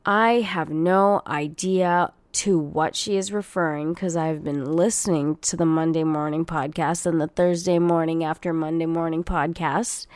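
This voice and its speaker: A young woman hosts a casual solo podcast in a low, slightly mellow voice with fairly even intonation, a measured pace and hardly any pauses. The recording is dry. She rants and swears liberally while talking straight to her audience.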